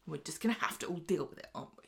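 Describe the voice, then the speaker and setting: Woman podcast co-host, chatty storyteller, slightly low voice. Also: lively intonation, very fast, gravelly. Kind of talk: casual chat recapping a soap.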